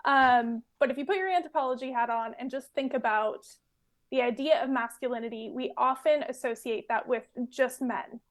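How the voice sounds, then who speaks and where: Podcast guest: woman, 20s, from California, fairly high voice, chatty and casual. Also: moderate pace. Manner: chatty, fillers and laughs, relaxed storytelling. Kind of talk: casual interview chat.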